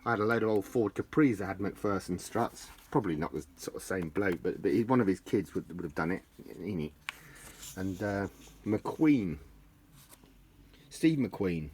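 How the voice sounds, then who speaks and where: Middle-aged man, lowish voice, joking and rambling, laughs at his own gags, home camera mic, faint hiss. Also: animated, normal speed, darkish tone. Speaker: vlogger leafing through an old tartan book. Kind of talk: rambling casual chat.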